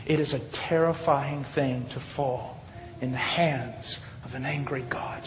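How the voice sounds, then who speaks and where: Preacher in a booming hall. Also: male voice. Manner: dramatic storytelling, swings between loud rises and hushed drops. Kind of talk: sermon. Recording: long hall reverb, faint noise.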